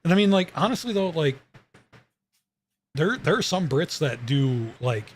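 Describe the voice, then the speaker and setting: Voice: medium pitch, sing-song, a little slow, husky. A streamer host chatting casually, giggling and teasing playfully. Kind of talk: casual chat.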